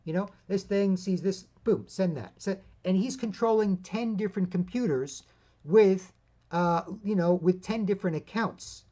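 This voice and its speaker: A man's voice: high voice, normal speed, dark tone, lo-fi sound. A man hosting his own independent media show, giving a rambling, emphatic solo commentary full of asides.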